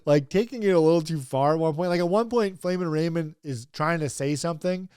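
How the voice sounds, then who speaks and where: A man's voice: on the high side, fairly quick, darkish tone, a little hiss or hum. A young man hosting a wrestling review, rambling casually, chuckling often and swearing freely. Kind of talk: casual comedic commentary.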